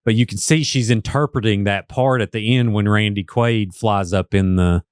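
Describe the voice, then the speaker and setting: A man with a low, smooth voice chats easily on a dry, close mic. He spins theories and wanders into movie references. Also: normal speed, dry recording. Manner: easygoing, theorizing, slides into movie quotes. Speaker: podcast co-host. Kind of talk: casual true-crime chat.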